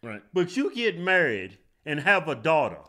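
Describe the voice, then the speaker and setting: A man reacting to a video with blunt, mocking jokes, his pitch jumping all over the place and sitting a bit high for a man. He talks in a loose, casual way as a co-host. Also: wildly swooping pitch, moderate pace, sharp tone. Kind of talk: casual commentary.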